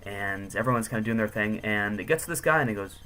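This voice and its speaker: A man's voice: lowish voice, quick pace, background noise. A young man telling travel stories casually, rambling with many fillers. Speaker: travel vlogger. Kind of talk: casual storytelling.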